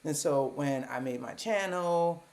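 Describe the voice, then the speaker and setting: A woman's voice: sits low, unhurried, darkish tone. A woman in her thirties from Baltimore, a psychiatrist hosting her own live stream, talking casually at a computer webcam with joking asides about herself. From Baltimore, United States.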